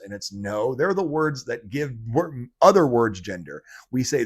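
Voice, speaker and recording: A man hosting a commentary vlog in a voice of middling pitch. He rants with energy, piles on fillers and restarts, and rushes through his sign-off. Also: breathy edge. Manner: animated ranting, heavy fillers. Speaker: channel host.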